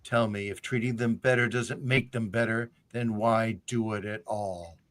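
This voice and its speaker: A man reading the lines of a cruel, scheming undead lich queen in a slow, measured, menacing way. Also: on the low side, fairly even intonation, a bit bright, close to an everyday voice. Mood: cold menace.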